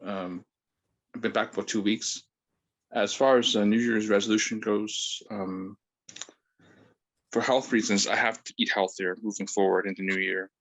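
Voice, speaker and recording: A man's voice: lowish voice, little pitch movement, moderate pace, pauses often, fairly bright tone. A man introducing himself on a video call, brief and matter-of-fact with some ums. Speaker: participant. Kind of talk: casual self-introduction.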